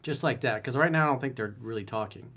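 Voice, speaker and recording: A man's voice: medium pitch, quick pace, fairly bright tone. A man coaching on dating, reading a viewer's email and replying bluntly and candidly with casual swearing.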